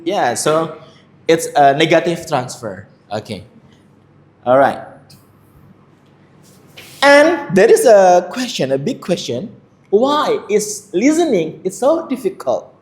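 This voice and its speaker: Lecturer leading a class, prods students with questions, roomy classroom echo. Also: mid-range voice. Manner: questioning, encouraging, broken English. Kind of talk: classroom discussion lead.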